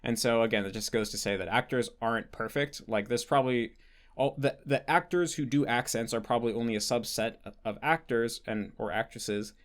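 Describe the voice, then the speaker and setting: A man's voice: medium pitch, brisk. An American man answering patron questions in a casual monologue, thinking aloud with many fillers and restarts. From United States.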